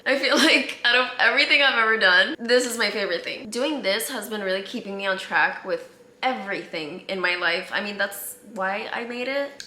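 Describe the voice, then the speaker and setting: A young woman in her twenties chatting candidly in a casual vlog at home, laughing easily. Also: mid-range voice. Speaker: vlogger. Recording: echoey room with loud ambient noise.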